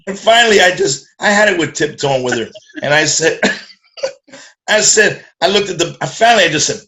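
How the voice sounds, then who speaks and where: A middle-aged man telling a profane, animated story in casual chat and acting out the voices of the people in it. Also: a little high, moderate pace. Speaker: guest musician.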